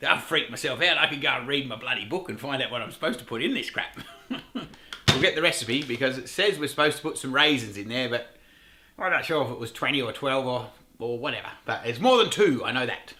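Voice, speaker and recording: Laid-back Australian host, middle-aged, bright voice that swings widely in pitch, echoey kitchen sound. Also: male voice, animated, quick pace, slight background noise. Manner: laid-back, rambling, swears casually, laughs at himself. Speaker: cooking show host. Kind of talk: casual cooking talk to camera.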